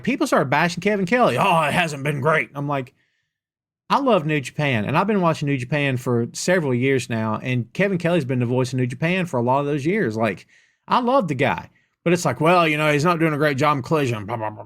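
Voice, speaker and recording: A middle-aged man hosts a loose, chatty question-and-answer show, reading viewer comments aloud and answering them off the cuff. He teases with playful sarcasm, then settles back into easygoing opinion. His voice sits in an ordinary middle range. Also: mid-range voice. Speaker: podcast host answering audience questions. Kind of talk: casual live-stream chat.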